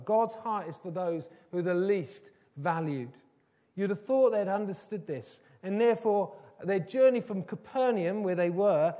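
A man's voice: high voice, dark tone. A man preaching a sermon, earnest and building to emphatic, repeated phrases. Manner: earnest, rising to emphatic repetition.

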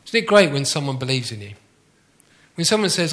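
A middle-aged man delivers a warm, conversational sermon with a bright, forceful tone. His voice sits slightly high for a man, and he slows down to repeat his key lines. He keeps turning questions back to the congregation. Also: sing-song. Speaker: pastor.

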